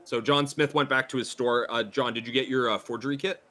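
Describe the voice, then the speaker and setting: A man runs a tabletop horror game as its game master, speaking in a mid pitch. His narration is halting and full of fillers. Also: fairly even intonation, sharp tone. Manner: hesitant, with many fillers and restarts.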